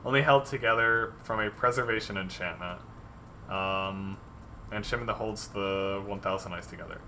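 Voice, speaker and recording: A man's voice: on the low side, moderate pace, bright, forceful tone, a little hiss or hum. A man designing tabletop game monsters on a livestream, chatting casually with many fillers and reading viewer ideas aloud. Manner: rambling, many ums, reads viewer submissions aloud. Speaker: dungeon master streamer.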